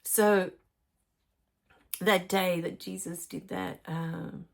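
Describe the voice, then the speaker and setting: A middle-aged woman, telling spiritual stories in a soft, emotional way with many pauses and fillers. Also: fairly low pitch, steady tone, creaky. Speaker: spiritual teacher. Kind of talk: personal spiritual storytelling.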